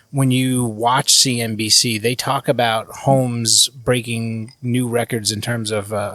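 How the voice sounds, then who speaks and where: A man, a mortgage professional guest, explaining the housing market in a measured way on a podcast. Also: mid-range voice, a bit bright, no echo.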